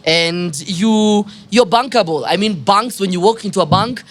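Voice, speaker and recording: A woman's voice: mid-range voice, normal speed. A woman with a South African accent hosting a podcast interview, chatty and teasing, with frequent laughter. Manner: bubbly, laughs often, teasing. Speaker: podcast host. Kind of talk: casual interview chat.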